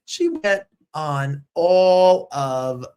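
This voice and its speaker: A man hosting a show in casual chat, excitable and chatty, jumping from topic to topic. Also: on the high side, extremely slow, clear, resonant tone. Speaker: host. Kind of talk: casual live-stream chat.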